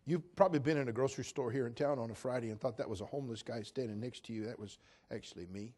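Speaking very fast in a slightly mellow mid-range voice, a male pastor from Cherokee delivers a sermon through folksy stories. His manner is earnest and plain-spoken, and he voices the characters he quotes.

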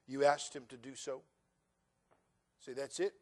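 A middle-aged male pastor preaching a sermon, moving from folksy storytelling to loud, emphatic preaching. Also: medium pitch, fairly even intonation, unhurried.

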